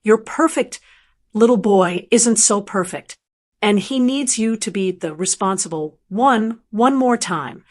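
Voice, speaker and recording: A woman's voice: mid-range voice, unhurried, close to an everyday voice. A woman voicing a scheming middle-aged man who bullies his sister, mocking and pushy. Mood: angry.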